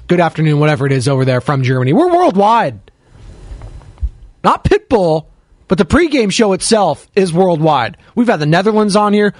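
Brief: male sports talk host, high tenor voice, dry close mic, chatty and jokey. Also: no room sound. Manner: chatty, jokey, shouts out listeners. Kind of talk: casual sports radio chat, taking calls and chat.

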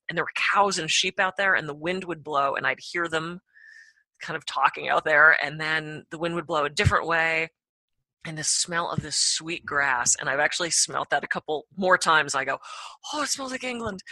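Bright-voiced woman telling a lively story. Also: dry recording. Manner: animated, acts out her own reactions with big pitch jumps. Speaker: podcast guest. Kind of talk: storytelling anecdote.

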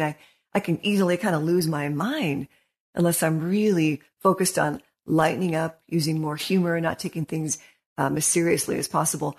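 A woman co-hosting a podcast as a marriage counselor, encouraging and quick to laugh in casual discussion. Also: low voice, husky. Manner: warm-hearted, encouraging, laughs easily.

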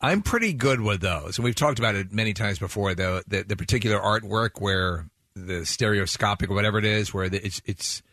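A man on a radio show trades casual, wry banter. His voice is lowish but bright and forward, recorded dry and close in the studio. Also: a little fast, few pauses, dry recording.

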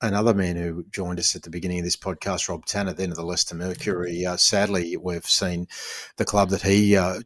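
A man with an Australian accent hosting a podcast in casual chat, relaxed and calling people "mate". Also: deep voice, fairly quick. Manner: relaxed, says "mate" often. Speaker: podcast host.

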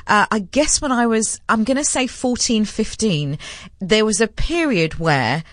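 A woman's voice: a little high, lively intonation, unhurried, no echo, clean studio sound. A middle-aged British woman hosting a late-night radio interview, chatty and playful with a self-mocking humour. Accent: British English. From United Kingdom.

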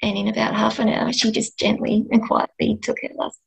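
A middle-aged woman with an Australian accent, speaking gently and with feeling as a guest in a podcast interview. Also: a little high, flat delivery, brisk, creaky, low-quality recording. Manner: gentle, emotional, heartfelt. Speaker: end of life doula and nurse, guest.

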